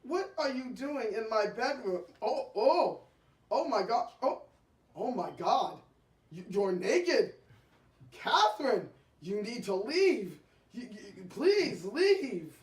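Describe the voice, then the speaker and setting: A man's voice: extremely high pitch, big pitch swings, takes it slowly, darkish tone, heavily acted. A woman doing a stammering, pleading husband. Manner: stammering and begging. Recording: echoey room from far off.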